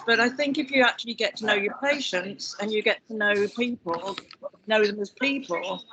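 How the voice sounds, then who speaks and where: A loud, outspoken woman with a chatty manner, speaking as a patient representative on a conference panel. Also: medium pitch, low-quality recording. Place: meeting house in London, busy room. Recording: crowd chatter behind. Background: background chatter.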